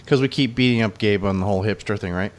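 A man's voice: fairly low pitch, fast. A man hosting a casual car podcast, chatting loosely and rolling into upbeat sponsor plugs. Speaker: podcast host.

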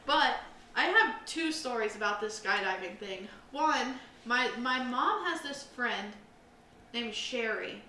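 Speaking slowly and expressively, a young female podcast co-host wanders through stories in casual chat, leaning heavily on fillers. Her voice is a little high, pushed and bright, and the roomy, slightly distant mic carries a little hiss or hum.

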